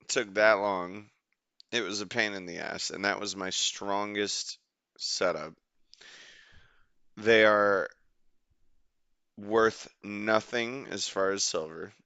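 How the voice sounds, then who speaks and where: A young man casually commentating his game as a streamer, rambling, excitable and swearing freely. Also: on the low side, slow pace, long pauses, clean tone, no room sound.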